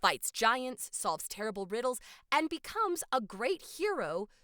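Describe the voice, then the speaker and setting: A woman co-hosting a podcast, recapping a film's plot in a casual, animated storytelling way. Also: on the high side, a little slow, no room sound, studio quality. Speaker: podcast co-host. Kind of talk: casual film recap chat.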